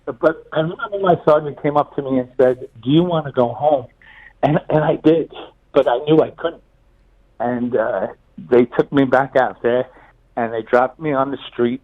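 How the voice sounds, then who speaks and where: Calling in with his stories, this older retired cop from New City, New York City, talks in a chatty way and keeps repeating words. He speaks at a normal speed in a mid-range voice, and the audio has its highs cut off.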